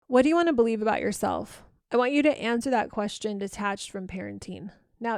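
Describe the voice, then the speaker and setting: A woman parenting coach talking alone on a podcast, gently repeating soft affirmations in a reassuring way. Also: medium pitch, creaky, no echo, studio quality. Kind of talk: solo podcast coaching talk.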